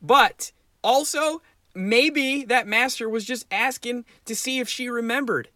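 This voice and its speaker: A man's voice: very high-pitched, a little slow, pushed and bright, no room sound, studio quality. A man co-hosting a podcast, chatting playfully about tabletop game scenarios and laughing often. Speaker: podcast co-host.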